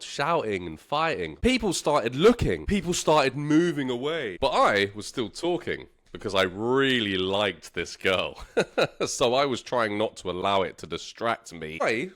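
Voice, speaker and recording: A man tells a story for learners, repeating phrases slowly and playfully. His pitch swings widely from high to low, and he sounds animated throughout. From London. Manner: slow, repetitive, playful and animated with laughs. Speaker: English teacher.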